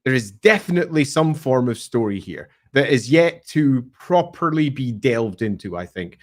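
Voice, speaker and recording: A man co-hosting a podcast, retelling lore in a casual, animated way with playful asides. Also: medium pitch. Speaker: podcast co-host.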